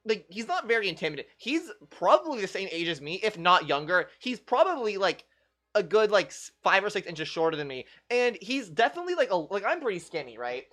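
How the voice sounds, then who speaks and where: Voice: medium pitch, sing-song, a little fast, fairly bright tone. A young adult game streamer chatting casually with viewers on a livestream, telling a rambling story full of "like" fillers.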